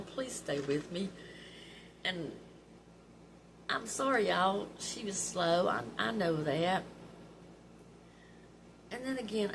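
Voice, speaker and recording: A woman's voice: fairly low pitch, gravelly. A middle-aged woman, telling heartfelt stories to her viewers in a chatty, emotional way. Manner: heartfelt and chatty, often laughing through tears. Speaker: vlog host. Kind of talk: personal storytelling. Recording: background noise.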